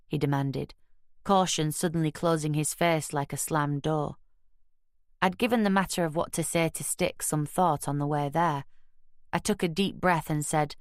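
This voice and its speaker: A woman narrating a crime audiobook in the first person, measured and wry, recorded close on a studio mic. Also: low voice, steady tone, no room sound.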